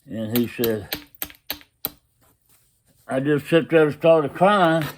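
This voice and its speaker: A man's voice: a little high, lively intonation, slow, a little hiss or hum. A man telling a story in a folksy, casual way, constantly retelling what others said. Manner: folksy drawl, retelling quotes with "he said".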